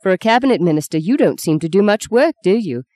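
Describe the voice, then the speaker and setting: A woman voicing a quick-tongued, teasing young actress in an audiobook reading. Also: mid-range voice, animated, dark tone, no room sound, lightly acted. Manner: brisk, mocking, spirited.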